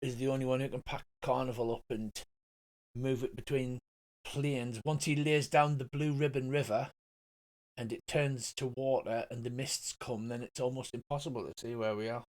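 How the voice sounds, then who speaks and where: A man's voice: mid-range voice, steady tone, moderate pace, a little mellow. Hesitant man narrating a game. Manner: hesitant, lots of ums. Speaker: game master.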